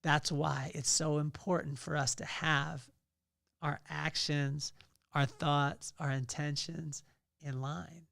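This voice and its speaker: A man's voice: fairly high pitch, flat delivery, slow, gravelly, fairly bright tone, no room sound, clean studio sound. A middle-aged man hosting a podcast, giving a motivational talk on leadership that draws on scripture and repeats key phrases for emphasis. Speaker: podcast host.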